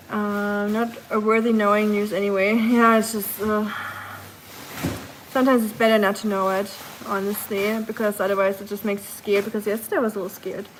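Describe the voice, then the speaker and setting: Speaking learned British English at a medium pitch, a woman hosts a casual live stream from her home kitchen as she cooks, talking to her dog and reading out comments from viewers. The low-quality recording picks up clear kitchen noise, including clattering dishes and pots.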